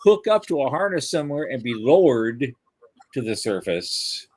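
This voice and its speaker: An older man co-hosting a podcast, chatting casually in a joking, lively way. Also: medium pitch, normal speed. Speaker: podcast co-host. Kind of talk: casual chat.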